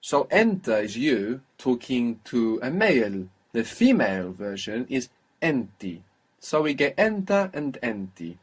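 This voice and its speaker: A man's voice: mid-range voice, big pitch swings, moderate pace, slightly rough. Patient male language teacher. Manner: patient, prompting the student with questions. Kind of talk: guided language lesson.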